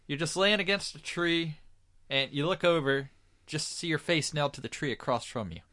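A man's voice: on the high side, normal speed, sharp tone, no echo. A man co-hosting a podcast, giving opinions in casual chat with many fillers. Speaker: podcast co-host.

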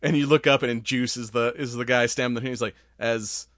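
A man's voice: medium pitch, fairly even intonation, fairly quick, a bit bright, dry recording, studio quality. Rambling, laughing man recapping a movie. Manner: rambling, laughs often, swears freely. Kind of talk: casual movie recap chat.

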